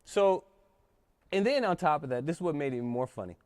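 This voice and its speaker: A man telling a story as a podcast guest, animated and swearing freely in casual chat. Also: a little high, quick pace, clear, resonant tone, no echo.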